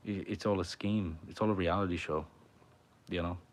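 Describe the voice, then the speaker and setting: Low-voiced swearing man rambling on stream. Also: fairly even intonation, moderate pace. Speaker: musician streamer. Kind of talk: casual livestream chat. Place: his home.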